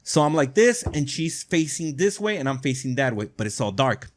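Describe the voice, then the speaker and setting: A man's voice: medium pitch, very animated, normal speed, a little hiss or hum. A man hosting a podcast, telling a story in a rambling way and often asking "right?". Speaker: podcast host. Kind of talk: casual storytelling.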